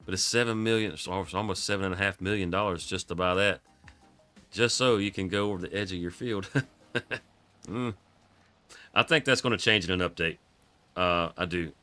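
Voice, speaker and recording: A man's voice: low voice, normal speed, long pauses, sharp tone, faint music behind. A man giving casual, rambling live commentary on a farming game, chuckling often, his voice froggy from coughing.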